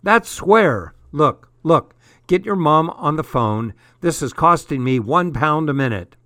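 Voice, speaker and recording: A man voicing an exasperated middle-aged father phoning home from abroad, blustery and quick to scold. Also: fairly high pitch, animated, bright, forceful tone, clear, resonant tone, dry recording, studio quality. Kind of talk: audiobook character voice.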